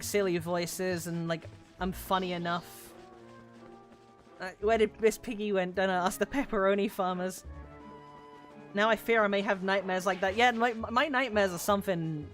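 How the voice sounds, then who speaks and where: Bright-voiced chatty woman streamer. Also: mid-range voice, moderate pace, soft background music. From London, England. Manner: chatty, swears a lot, bursts into loud yelling. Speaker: VTuber streamer. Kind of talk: casual gaming stream chat.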